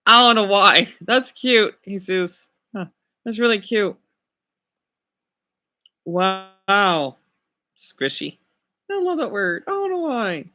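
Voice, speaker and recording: A man's voice: sits high, very animated, pushed and bright. A man chatting casually on a livestream, gushing and drawing out his words. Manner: gushing, drawn-out swoops when cooing over dogs.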